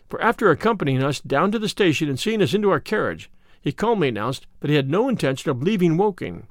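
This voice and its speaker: Lively man narrating a classic story. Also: fairly high pitch, dry recording, studio quality. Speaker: audiobook reader.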